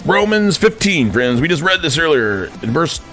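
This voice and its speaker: A man, a veteran, delivering a preachy, indignant monologue to his viewers, calling them friends, swinging between quiet asides and outbursts. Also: fairly high pitch, very animated, moderate pace, soft background music. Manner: addresses listeners as friends constantly, indignant, swings between soft and shouting. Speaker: veteran vlogger.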